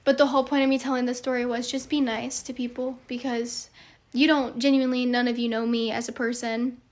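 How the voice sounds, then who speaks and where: Earnest young woman, high flat voice. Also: brisk. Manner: earnest, rambling with many fillers. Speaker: social media creator. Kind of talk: heartfelt monologue to followers.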